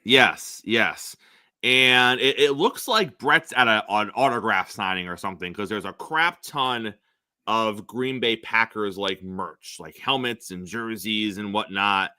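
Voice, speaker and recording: A man's voice: on the low side, a little slow, bright, forceful tone, dry recording. A man co-hosting a sports podcast, chatting casually with many fillers and frequent laughs.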